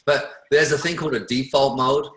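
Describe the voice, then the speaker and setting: A man giving an energetic motivational talk to people on a call. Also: mid-range voice, fairly quick, reverberant, poor audio. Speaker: guest speaker.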